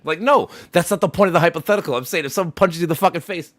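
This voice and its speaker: A man's voice: fairly high pitch, lively intonation, racing, hardly any pauses, fairly bright tone, dry recording, clean studio sound. Heated, swearing man arguing. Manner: argumentative, swears a lot, repeats himself. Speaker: streamer. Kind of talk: heated casual debate.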